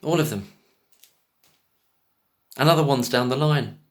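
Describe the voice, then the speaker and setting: A man's voice: mid-range voice, measured pace. A man giving casual, scornful commentary on a podcast clip, cutting in with pointed questions. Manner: scornful, talks over clips with pointed questions.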